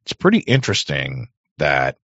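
A man hosting a talk show, rambling in crude, sarcastic casual commentary with a hoarse voice. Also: very deep voice, wildly swooping pitch, moderate pace, a bit bright, dry recording, lo-fi sound. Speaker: podcast host.

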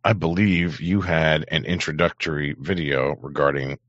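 A man hosting a casual chat, speaking in a relaxed, folksy way with mild exclamations, on a muffled, lo-fi recording. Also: extremely low pitch, normal speed, dry recording. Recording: muffled, lo-fi audio.

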